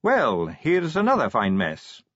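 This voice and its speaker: A man's voice: mid-range voice, wildly swooping pitch, measured pace, a bit bright, breathy edge, no echo, highs cut off, exaggerated voice. A man doing a polite young vampire woman. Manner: apologetic and precise.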